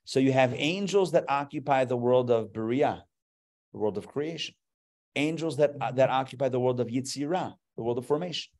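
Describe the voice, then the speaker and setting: A man, a rabbi, giving a live class to an audience, explaining terms step by step and growing animated as he goes. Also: mid-range voice, normal speed.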